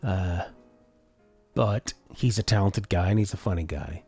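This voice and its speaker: A man's voice: deep voice, unhurried, mellow, slightly rough, soft background music. A man streaming a casual reaction chat, talking things over and reading viewer comments aloud before answering them. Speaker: streamer reacting to a game showcase.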